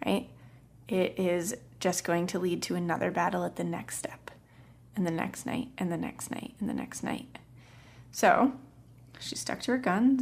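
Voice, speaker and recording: A woman's voice: on the low side, gravelly. Woman telling a parenting story. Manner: storytelling, acts out kids and parents in quotes. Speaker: parenting podcast host. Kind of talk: casual podcast talk.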